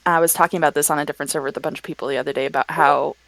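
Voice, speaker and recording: A woman with a fairly low voice and a faint North Carolina lilt talks with friends. She speaks in a relaxed, thoughtful manner. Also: rapid-fire, vocal fry, no echo. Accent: slight North Carolina. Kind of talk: casual chat.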